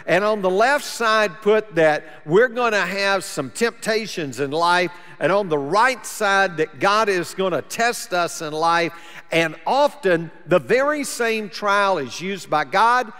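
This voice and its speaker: High-voiced man preaching in a reverberant church. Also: lively intonation, a little slow, pushed and bright, smooth. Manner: conversational preaching, plain folksy wording. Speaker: pastor. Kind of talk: sermon. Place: church sanctuary.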